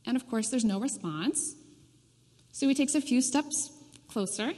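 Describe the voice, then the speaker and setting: A woman's voice: high-pitched, a little slow, warm tone. A woman preaching a sermon in a church, telling a story in a conversational way. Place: church sanctuary. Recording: reverberant church hall.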